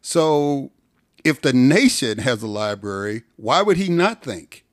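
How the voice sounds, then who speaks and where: A man's voice: medium pitch, lively intonation, unhurried, no echo, studio quality. Wry sarcastic male podcast host. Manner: sarcastic, joking asides. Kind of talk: conversational interview.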